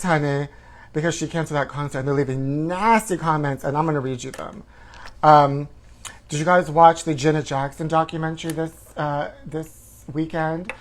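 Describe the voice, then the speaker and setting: A man's voice: on the high side, steady tone, moderate pace. A man hosting a comedic gossip show, campy and sassy, calling listeners honey. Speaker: host. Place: home livestream.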